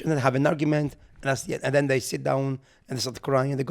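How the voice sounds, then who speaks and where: A man co-hosting a podcast, telling a comic story in casual chat, animated and swearing, acting out the people he quotes. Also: medium pitch, quick pace, creaky. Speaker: podcast co-host. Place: podcast recording.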